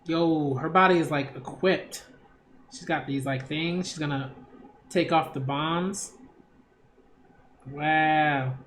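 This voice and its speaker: Casting: a man doing a casual manga read-along, excitable and slangy, taking his time. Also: a little high, takes it slowly, long pauses, a little hiss or hum. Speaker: manga critic reading aloud.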